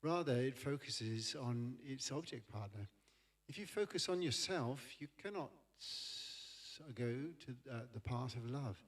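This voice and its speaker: A man's voice: medium pitch, a little slow. Man reading a text aloud carefully. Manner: steady, careful reading with small stumbles. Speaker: volunteer reader.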